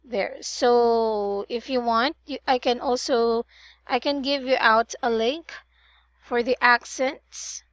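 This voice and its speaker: Woman, pronunciation tutor, unhurried, corrective, somewhat muffled call audio. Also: fairly high pitch, fairly even intonation, a bit bright, no room sound. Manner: patient, drills words and corrects vowels. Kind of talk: online one-on-one tutoring.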